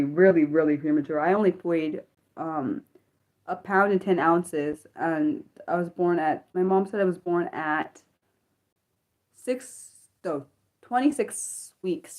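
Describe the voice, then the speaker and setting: A woman's voice: on the low side, unhurried, a little mellow. A woman hosting a casual livestream from her phone, reading viewer comments aloud in a rambling, apologetic way with many fillers and restarts. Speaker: livestream host.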